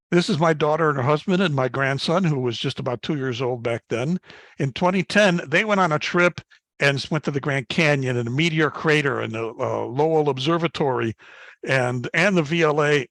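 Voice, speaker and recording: A man's voice: mid-range voice, fairly bright tone, no room sound. An older man in his seventies from Chicago, giving a slide talk to an astronomy club as guest speaker and telling folksy stories with plenty of fillers and restarts. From Chicago, United States. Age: 70s. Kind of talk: slide talk with personal anecdotes.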